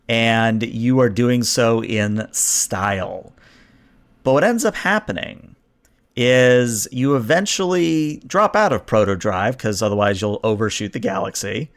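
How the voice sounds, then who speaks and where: A man narrating and explaining rules as game master of a science fiction tabletop game, relaxed and explanatory, slowing down for emphasis. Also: mid-range voice.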